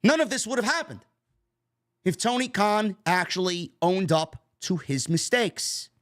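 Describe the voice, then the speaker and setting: A man's voice: expressive, measured pace. A man hosting a wrestling commentary stream, ranting with heavy profanity and mocking, exasperated sarcasm. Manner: mimics others in high sarcastic voices.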